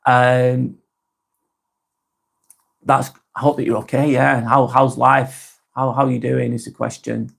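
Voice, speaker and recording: A man hosting a casual live stream, talking softly and unhurriedly, apologising often and reading out viewer comments. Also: mid-range voice, level tone, vocal fry. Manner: soft, unhurried, apologetic, with frequent ums and restarts.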